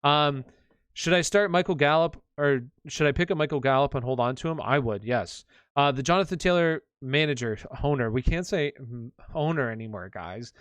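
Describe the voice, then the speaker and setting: A young man hosts a live question-and-answer stream, talking loosely and rambling with plenty of fillers. His voice is smooth and clear, with a mid-range pitch. The sound is dry and close to the mic. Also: normal speed, no echo. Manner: casual, rambling, many fillers. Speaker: fantasy football livestream host. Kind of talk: live Q&A stream, casual chat.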